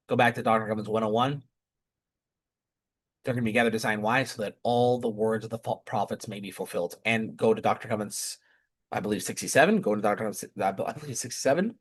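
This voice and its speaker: A man's voice: mid-range voice, fairly bright tone. A man giving impassioned scripture commentary, emphatic and repeating rhetorical questions. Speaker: scripture teacher.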